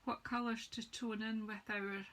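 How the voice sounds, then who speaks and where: A woman's voice: on the high side, little pitch movement, a little slow, fairly bright tone, slight background noise, rough recording. A woman chatting casually as she demonstrates card-making on a live stream, greeting viewers by name as she works. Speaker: craft demonstrator. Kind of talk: live-streamed craft demo chat.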